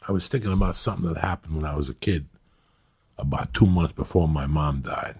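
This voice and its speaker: Man, raspy husky voice, low and gravelly, animated rambling storyteller, podcast host. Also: brisk. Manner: animated, rambling, acts out scenes. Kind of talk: casual storytelling chat.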